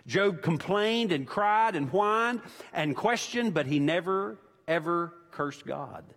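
A man's voice: high-pitched, expressive, slow pace, fairly bright tone. Emphatic preaching man, hall reverb. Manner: emphatic preaching, repeats key points. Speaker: pastor. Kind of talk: sermon. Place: church sanctuary. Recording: long church-hall reverb.

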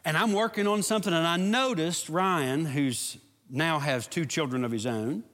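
A man's voice: a little high, normal speed, fairly bright tone. A middle-aged man, a pastor, preaching a sermon with a story and then leading an earnest prayer. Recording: long hall reverb.

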